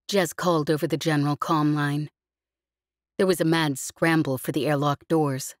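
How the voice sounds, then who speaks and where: A woman narrating an audiobook with an expressive, vivid storytelling delivery. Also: sits low, normal speed, no room sound, clean studio sound.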